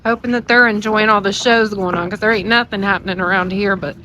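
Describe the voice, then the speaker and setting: A woman's voice: medium pitch, fairly even intonation, quick pace, sharp tone, slight background noise, low-quality recording. A woman in her forties from Ohio, chatting to viewers as she walks them around her home. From Ohio, USA. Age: 40s. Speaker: vlog co-host. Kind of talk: casual vlog narration.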